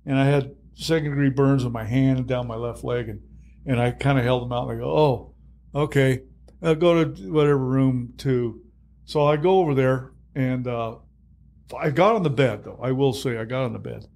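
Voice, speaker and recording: A man in his sixties, a retired fire captain, telling stories in an interview, animated and quick to laugh. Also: mid-range voice, gravelly. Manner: animated storyteller, acts out dialogue, laughs often. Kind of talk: storytelling in a podcast interview.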